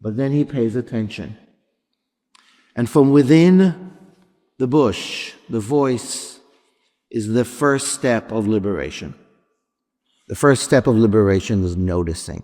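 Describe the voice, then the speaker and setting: A man giving a sermon as a rabbi, retelling a story with reflective pauses and sudden drops in volume. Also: mid-range voice, darkish tone. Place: large sanctuary before a congregation. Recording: long reverb of a large hall.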